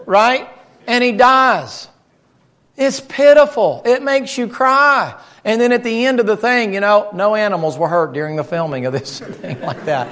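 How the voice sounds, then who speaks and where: A man preaching a folksy, animated sermon and joking with his congregation. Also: extremely high pitch, moderate pace.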